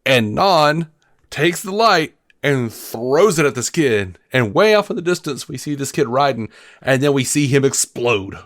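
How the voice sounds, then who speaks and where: Dude on a movie podcast, swears a lot, acts out scenes, mid pitch, dry close mic. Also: male voice, unhurried, dry recording. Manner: animated, profane, acts out movie lines. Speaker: podcast co-host. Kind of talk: casual film-review chat.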